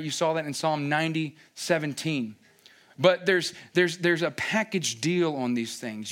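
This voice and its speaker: A man's voice: fairly high pitch, fairly bright tone. A man preaching a sermon as pastor, often stopping to ask the congregation if they follow him. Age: young adult or middle-aged, has young kids. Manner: rhetorical check-ins with the congregation.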